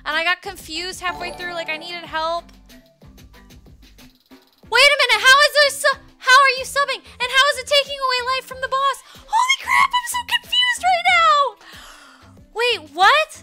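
A woman streamer with a very high voice chats casually with her viewers. She is excitable and breaks into loud, sweary outbursts, with clear music playing behind her. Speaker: livestreamer. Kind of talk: casual livestream chat. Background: background music.

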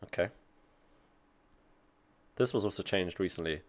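Low-voiced man doing casual tech commentary. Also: a little slow. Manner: reads aloud and comments offhandedly, dry jokes. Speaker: tech streamer reacting to an article.

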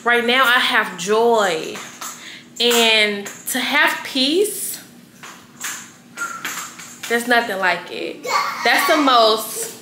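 Laid-back woman in her 20s vloggin at home, slow talk, kinda high voice, noisy background. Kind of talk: casual vlog chat. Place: home apartment.

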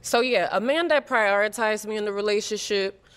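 A woman's voice: medium pitch, moderate pace, a bit bright, clean tone. A woman in her thirties answering questions on a dating show, nervous and apologetic, with many ums. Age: 30s.

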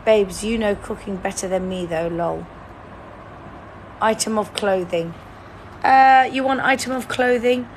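Slow, teasing woman streamer. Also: mid-range voice, slight background noise. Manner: chatty, teasing, playfully dramatic. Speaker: livestream host. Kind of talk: live-stream chat running a word-guessing game.

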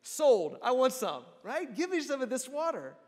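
A man voicing a blunt, eager woman at a well, with quick, sassy retorts, in a reverberant church hall. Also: extremely high pitch, very animated, a little mellow.

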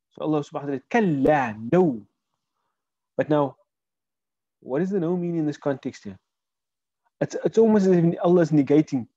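Male Arabic teacher on a video call, warm low-key tone, dry close sound, walks through words and quizzes students. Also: no echo, highs cut off. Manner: explains word by word, asks students questions. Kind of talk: online Quran Arabic lesson.

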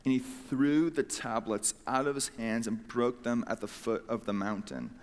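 Man, pastor, sermon, casual animated storytelling, mid pitch, long hall echo. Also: normal speed. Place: church sanctuary.

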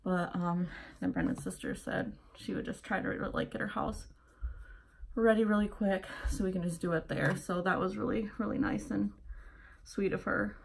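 A woman's voice: medium pitch, expressive, normal speed, vocal fry, breathy edge. Pregnant young woman vlogging while doing her makeup, rambly and a bit breathless, drifts off mic sometimes. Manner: chatty, rambling with many fillers. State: heavily pregnant, a little out of breath. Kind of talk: casual getting-ready vlog. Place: at home getting ready.

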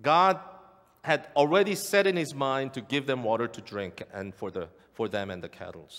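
Speaking in a mid-range, slightly bright voice, a male pastor delivers a sermon in a church sanctuary. He stresses his message by repeating key phrases, and long hall reverb fills the recording.

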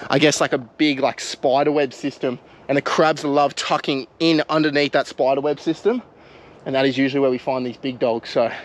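Excitable Australian man vlogging outdoors. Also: medium pitch, slight background noise. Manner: excitable, slangy, swears mildly, addresses viewers as guys. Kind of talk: casual vlog narration to camera. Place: outdoors in mangrove mud flats.

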